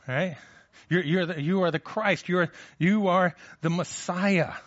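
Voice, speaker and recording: A man's voice: sits high, measured pace, a bit bright, no room sound, muffled recording. A man preaching a sermon in a conversational way, with frequent restarts and rhetorical questions. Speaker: pastor.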